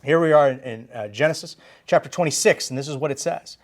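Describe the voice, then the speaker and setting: A man preaching a sermon in a church, animated and emphatic, stressing his key phrases. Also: on the high side, fast. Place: church sanctuary.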